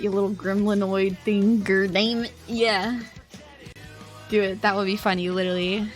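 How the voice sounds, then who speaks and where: Speaking in a mid-range, slightly bright voice, a young streamer rambles through a lengthy family story for her live chat. She giggles often and fills nearly every phrase with "like."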